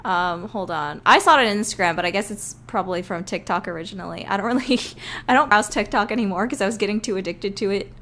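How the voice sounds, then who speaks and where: A woman's voice: medium pitch, fast, a bit bright. A woman game developer chatting casually and rambling on a live stream, often breaking into giggles.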